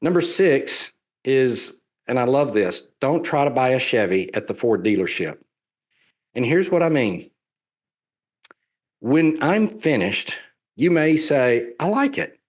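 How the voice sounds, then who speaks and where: A man with a gentle Southern US accent talks through an investment pitch at a middle pitch. He is folksy and persuasive, leaning on homespun comparisons and circling back to repeat his main points. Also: sing-song, slow pace, long pauses. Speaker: real estate investment presenter. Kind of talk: sales presentation.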